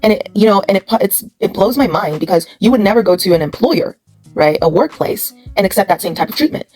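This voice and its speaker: A woman's voice: medium pitch, expressive, fast talker, a little mellow, breathy edge, faint music behind, low-quality recording. A woman hosting a commentary channel, lecturing bluntly with many rhetorical questions. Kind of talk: opinion commentary to camera.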